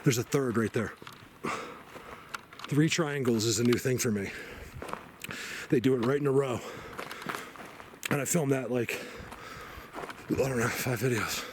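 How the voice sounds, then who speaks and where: Out-of-breath man vlogging on a forest trail, excitable and rambling, occasional hushed whispers, noisy camera mic. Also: mid-range voice, unhurried, long pauses. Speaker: outdoor vlogger searching for Bigfoot. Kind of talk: casual walking vlog to camera. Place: forest outdoors.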